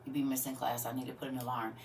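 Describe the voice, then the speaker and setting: A woman's voice: extremely low pitch, flat delivery, racing, a little mellow, a little hiss or hum. A woman hosting a casual livestream, chatting with viewers and often laughing as she answers their comments. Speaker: livestream host.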